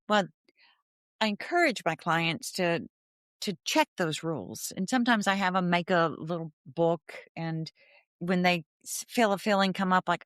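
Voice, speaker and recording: A woman therapist talks with a podcast host in an animated, chatty way and laughs often. She has a somewhat low voice, recorded close and dry with no room sound. She acts out inner thoughts as she explains them. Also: no echo. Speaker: therapist guest.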